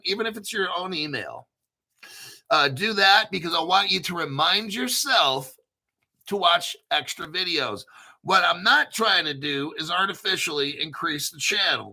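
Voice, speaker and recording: A man hosting his own channel in a casual monologue, emphatic and repetitive, rambling and swearing, often clearing his throat. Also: high-pitched, bright, forceful tone. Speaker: crypto channel host.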